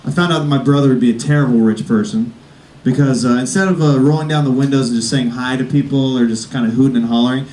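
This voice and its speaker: Man doing a stand-up warm-up set. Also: mid-range voice, fast talker, distant mic, slight background noise. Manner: hesitant, filler-heavy delivery with self-aware jokes. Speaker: stand-up comedian warming up the crowd. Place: comedy club stage before a live audience. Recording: roomy live club sound from off-mic.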